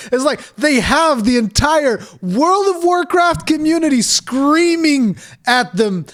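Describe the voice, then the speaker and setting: A man's voice: very high voice, expressive, unhurried, few pauses, a bit bright. A man giving a ranting reaction commentary, sarcastic, exasperated and full of profanity. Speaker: reaction streamer.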